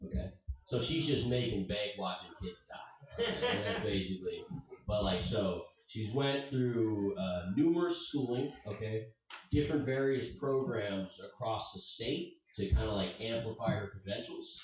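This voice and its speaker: Man, Southern US accent, stand-up comic, rambling, animated pitch, roomy echo. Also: moderate pace. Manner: rambling, self-correcting delivery. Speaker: stand-up comic and show host. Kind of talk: stand-up comedy set. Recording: echoey club from far off.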